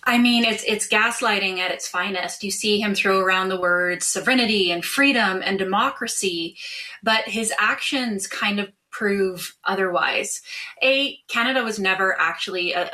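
An emphatic, opinionated woman being interviewed, her voice bright and sharp. She often restarts her sentences as she pushes her points. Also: mid-range voice. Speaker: guest, marketing strategist.

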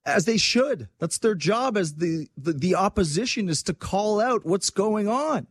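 Husky, animated man from Quebec. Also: high voice, no room sound. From Quebec, Canada. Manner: animated, sarcastic, quick asides. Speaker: commentator with his own program. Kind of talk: casual political commentary.

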